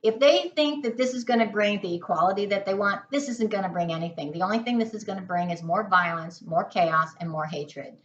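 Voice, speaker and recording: A woman's voice: mid-range voice, fairly quick, hardly any pauses, highs cut off. An American woman giving an indignant, emphatic opinion monologue to camera, stacking repeated rhetorical questions. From United States. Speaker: political vlogger.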